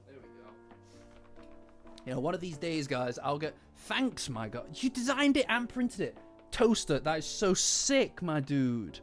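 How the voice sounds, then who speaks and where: A man chatting casually on a live stream, excitable and quick to swear, with loud gasps and exclamations. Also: a little high. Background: faint background music.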